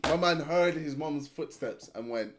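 Loud, swearing young man. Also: fairly high pitch, measured pace, background noise. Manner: loud, profane, laughs often. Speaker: YouTuber rating videos. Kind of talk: casual reaction commentary. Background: music from played clips.

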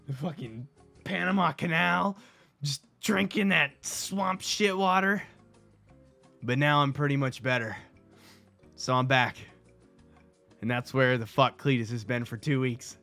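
A young man hosting a casual storytime video, joking and swearing as he retells an argument, recovering from a cold and clearing his throat. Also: fairly high pitch, normal speed, faint music behind. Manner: profane, joking, animated retelling with quoted dialogue. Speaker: host.

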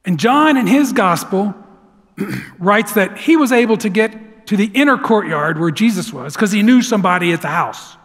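Male pastor, high voice, preaching in a church with long reverb; dramatic swings between loud and hushed. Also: expressive, normal speed. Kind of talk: sermon. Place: church sanctuary.

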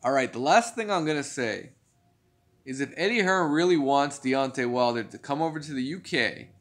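A man's voice: medium pitch, animated, normal speed, fairly bright tone, soft background music. A man giving casual boxing news commentary, ranting in a profane, exasperated way and laughing between points.

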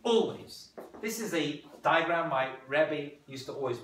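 A rabbi in his thirties holds forth to a room of listeners, jumping between explanation and acted-out anecdotes. His voice sits high and bright. The sound is roomy and distant, recorded on a camera across the room. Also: a little slow. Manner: animated, acts out quoted voices, jokes with audience. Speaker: rabbi giving a talk. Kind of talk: lively lecture with stories. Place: room with audience. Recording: echoey room from afar.

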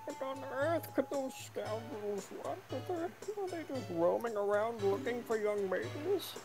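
A gamer voicing a distraught old father who begs for help, reading game dialogue with swooping pitch. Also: animated, measured pace, music in the background. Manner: wailing, pleading, swooping pitch. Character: distraught elderly father of a captured girl.

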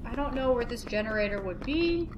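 A woman's voice: fairly high pitch, lively intonation, a little fast, muffled recording, background noise. A woman commentating a horror game she is playing, swearing and frustrated, with sudden shrieks. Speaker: let's play gamer.

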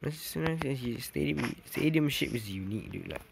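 A man's voice: mid-range voice, expressive, fairly quick, vocal fry. A young man giving a rambling, self-correcting walkthrough of a game build, saying "dude" often. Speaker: gaming vlogger. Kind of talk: casual game walkthrough commentary. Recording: noisy background hiss with clicks.

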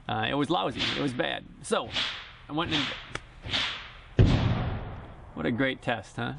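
A man's voice: medium pitch, a little slow, vocal fry, heavy background noise. A man giving a casual, joking review at an outdoor shooting range. He speaks plainly, recorded on a directional mic mounted on the camera. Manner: chatty and joking, plain-spoken. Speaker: airgun reviewer. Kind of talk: casual product review vlog. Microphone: camera-mounted directional shotgun mic.

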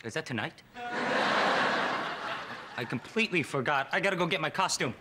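An actor playing an excitable, loud, giggly friend in a sitcom. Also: male voice, on the high side, normal speed, very noisy, lightly acted. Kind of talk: sitcom acting.

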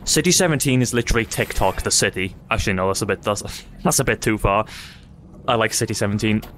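A young gaming YouTuber does casual let's-play commentary in a lowish, fairly bright voice, with a little hiss or hum in the recording. He's chatty, swears often and laughs easily.

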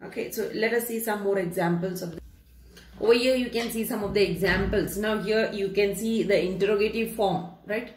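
A woman teaching a grammar lesson to students, explaining rules patiently, repeating key phrases and slowing down to read out examples. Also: mid-range voice, a little hiss or hum. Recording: echoey room.

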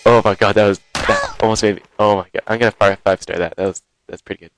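A man giving live, excitable commentary while playing a game, exclaiming and gasping often, recorded on a headset. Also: fairly low pitch, fast, faint music behind. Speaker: gaming video host.

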